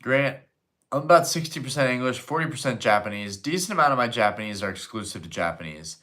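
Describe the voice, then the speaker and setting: Excitable, bright-voiced male streamer. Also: medium pitch, fast talker. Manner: excitable, profane, reading chat aloud. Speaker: live-streaming host. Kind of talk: casual live stream chat.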